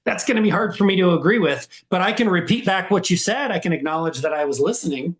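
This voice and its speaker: A man's voice: high-pitched, quick pace, reverberant. A middle-aged man co-hosting a podcast, telling stories animatedly and agreeing often. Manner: animated storyteller, frequent agreeing. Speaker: podcast co-host. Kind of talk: casual podcast chat.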